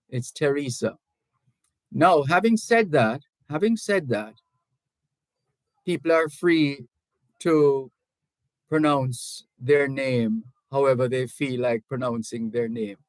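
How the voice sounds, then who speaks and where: The host is a middle-aged Jamaican man on a call-in radio talk show, his medium-pitched voice a bit dark in tone. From the radio studio, speaking into a studio mic, he reads listener messages aloud, deliberate and measured, with frequent restarts and hedging asides. The audio lacks echo but is poor in quality.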